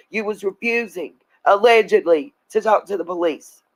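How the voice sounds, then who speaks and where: A woman's voice: mid-range voice, moderate pace, few pauses, poor audio. A woman hosting a livestream, talking bluntly in a heated rant. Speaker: channel host. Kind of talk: livestream commentary.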